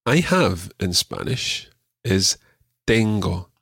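A man teaching a radio language lesson, patient and encouraging, repeating words slowly for the learner. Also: low voice, expressive, vocal fry, fairly bright tone, slightly rough, dry recording, clean studio sound.

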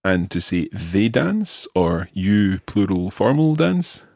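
Gravelly, husky-voiced male Spanish teacher. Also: low voice, big pitch swings, darkish tone, dry recording, clean studio sound. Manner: patient, models pronunciation slowly. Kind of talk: language lesson drills.

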